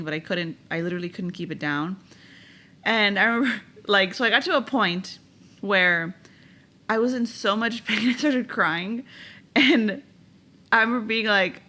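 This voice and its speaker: A young woman with a bright, clear-edged voice shares a personal story on a podcast. She talks in a relaxed, candid way and often laughs mid-sentence. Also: medium pitch. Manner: chatty, candid, laughs while telling. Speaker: podcast co-host. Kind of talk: casual storytelling chat.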